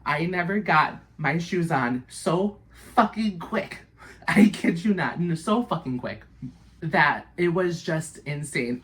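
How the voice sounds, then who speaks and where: A woman vlogger telling a story to her viewers, animated and breathless, swearing constantly. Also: deep voice. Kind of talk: casual storytelling to camera.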